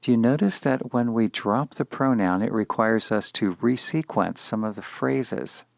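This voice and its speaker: A man teaching Hebrew grammar in a measured, explanatory lecture, slowing down to spell out Hebrew words. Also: medium pitch, gravelly, no echo, studio quality. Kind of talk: scripted lecture.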